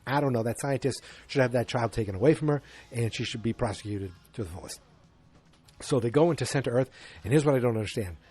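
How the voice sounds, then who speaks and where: A man's voice: medium pitch, quick pace, darkish tone, breathy edge. Rambling, sarcastic male podcast host. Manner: rambling, sarcastic, self-deprecating asides. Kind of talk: casual movie recap.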